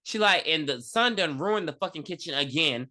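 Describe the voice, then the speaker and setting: A man co-hosting a movie-review podcast, recapping the plot with sarcastic jabs and plenty of swearing. His voice is bright and forceful. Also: fairly high pitch, lively intonation, normal speed. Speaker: podcast co-host. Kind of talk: casual movie review chat.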